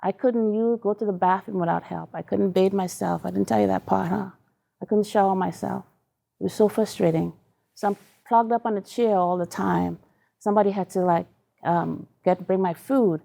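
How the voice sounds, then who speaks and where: Woman from Trinidad and Tobago, gravelly voice, earnest halting testimony, mid-pitched. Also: steady tone, mellow. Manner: earnest, emotional, halting storytelling. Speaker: speaker sharing her story. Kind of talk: personal testimony talk.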